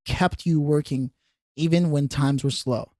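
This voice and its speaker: A man co-hosting a podcast in casual chat, an animated storyteller who laughs easily and acts out quotes. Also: a little high, unhurried, no echo, studio quality. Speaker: podcast co-host.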